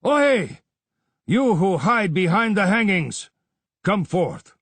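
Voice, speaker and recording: A man's voice: high-pitched, sing-song, slow, a bit bright, dry recording, voice pushed up, heavily acted. A man reading aloud and voicing a menacing vizier who barks commands with rising fury. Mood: commanding. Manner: commanding, dangerous, barking orders.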